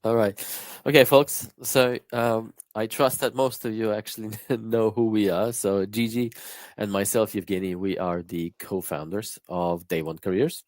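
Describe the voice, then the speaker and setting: A congested, slightly croaky man co-hosting a live stream on a video call, relaxed and full of fillers. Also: lowish voice, unhurried, no room sound. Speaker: co-founder and interview coach.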